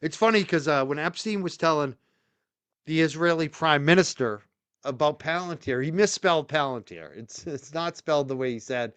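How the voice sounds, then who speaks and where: A man's voice: a little high, moderate pace, a bit bright, clean tone, dry recording. A man hosting a live stream, giving rambling, opinionated commentary with frequent restarts and fillers. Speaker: show host.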